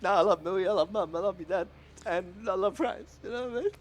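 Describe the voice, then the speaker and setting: A man giving a halting, tearful thank-you speech after winning a tournament, close to crying and swearing now and then. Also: high-pitched. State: emotional, close to tears. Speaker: tournament winner. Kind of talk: emotional post-match thank-you speech. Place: tournament venue.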